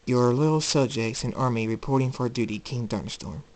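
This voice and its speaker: A man voicing a devoted dark pony soldier, formal and dutiful. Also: mid-range voice, moderate pace, close to an everyday voice.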